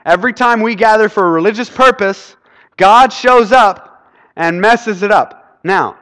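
Animated preacher in an echoing hall. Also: male voice, sits high, unhurried. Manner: animated, keeps quizzing the audience. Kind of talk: sermon. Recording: reverberant hall.

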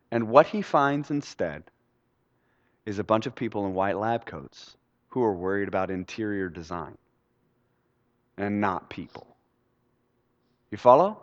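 A man's voice: medium pitch, a bit bright. A male pastor giving a sermon, telling a story in a conversational way and quizzing the congregation. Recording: echoey hall, dull sound.

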